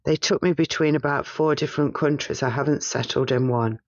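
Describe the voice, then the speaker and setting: A man recounting a past-life regression in the first person, in a halting, hesitant way as he searches for words, on a slightly muffled recording. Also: a little high, fairly even intonation, dry recording.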